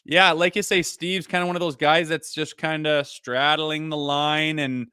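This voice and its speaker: Blunt, bright-voiced sports co-host man. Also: on the high side, flat delivery, normal speed, smooth, dry recording, clean studio sound. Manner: blunt, opinionated, swears freely. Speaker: podcast co-host. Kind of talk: casual sports talk.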